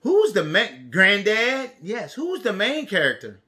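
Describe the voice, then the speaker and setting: A male teacher reading a picture book aloud and teaching young children, playful and animated, talking to the kids. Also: high-pitched, measured pace.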